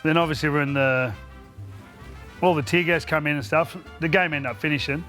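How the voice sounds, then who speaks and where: A man's voice: on the high side, fairly even intonation, moderate pace, sharp tone, faint music behind. A middle-aged Australian man telling rowdy anecdotes in casual chat, laughing as he goes. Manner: laughs through his anecdotes. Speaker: podcast co-host, former player. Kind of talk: casual storytelling.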